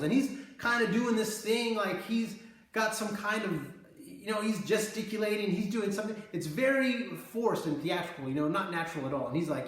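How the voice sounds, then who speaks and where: A man's voice: sits high, moderate pace, a bit bright. A man earnestly retelling and interpreting his dreams in a conversational way, acting out the scenes as he goes. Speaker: preacher recounting visions. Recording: very echoey room.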